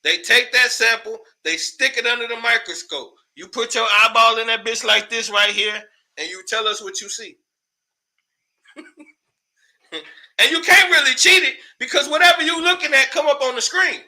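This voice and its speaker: A man's voice: very high-pitched, moderate pace, bright, forceful tone. A man hosting a casual commentary show, ranting in a loose, profane way, laughing often and repeating words when worked up.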